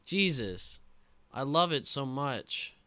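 A man ranting excitedly on a casual gaming podcast, swearing often. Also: mid-range voice, slow pace, clear, resonant tone, dry recording. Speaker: podcast co-host.

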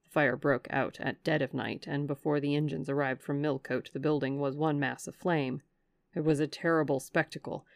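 A woman doing a middle-aged butler, deferential, confiding, low voice, gravelly edge. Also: fairly even intonation, normal speed, no room sound. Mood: dismayed. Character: respectful middle-aged male former butler.

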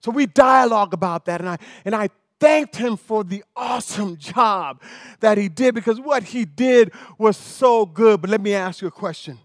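A man preaching a sermon as an animated, rambling storyteller. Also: high voice, normal speed, dry recording, studio quality.

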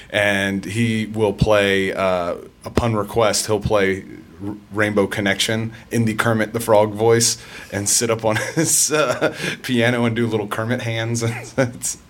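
A man with a somewhat low voice chats as a podcast co-host. He tells his stories with enthusiasm and often breaks into laughter. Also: little pitch movement, unhurried. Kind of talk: casual chat.

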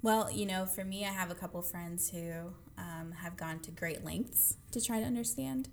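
A woman speaking earnestly in a casual conversation, getting animated when she retells moments. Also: fairly low pitch, normal speed, slight background noise. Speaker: guest sharing her experience. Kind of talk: casual chat.

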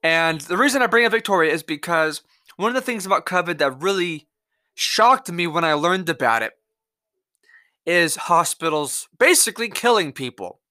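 A man's voice: high voice, expressive, normal speed, pushed and bright, no echo, studio quality. A man hosting his own podcast, delivering an angry, profane, rambling solo rant. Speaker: podcast host.

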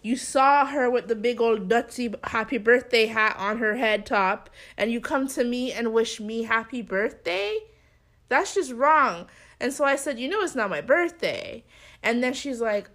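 Animated young woman telling a story. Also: a little high, moderate pace. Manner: animated storyteller, acts out quoted people. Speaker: podcast co-host. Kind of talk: casual chat.

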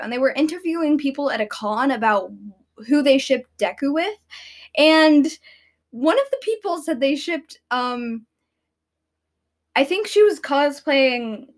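A teenage girl vlogging, chatting casually and rambling with many fillers and restarts. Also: high voice. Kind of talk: casual chat.

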